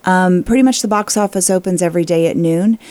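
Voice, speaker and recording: A woman's voice: lowish voice, fast, darkish tone, no echo. A woman from a theater talking in an interview, giving information in a friendly way with some fillers. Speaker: theater director. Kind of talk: casual interview.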